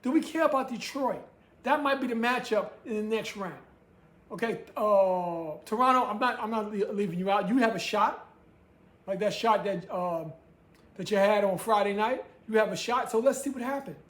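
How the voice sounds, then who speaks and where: A woman's voice: mid-range voice, normal speed. A woman hosting her own sports talk show, ranting with emphasis and repeating her points. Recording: echoey room.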